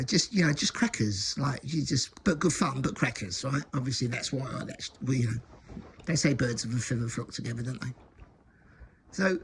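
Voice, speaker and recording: Man, gravelly, candid rambling storyteller, faint hiss behind. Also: a little high. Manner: rambling, many restarts, chuckles often. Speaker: recovery storyteller. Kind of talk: casual spoken storytelling.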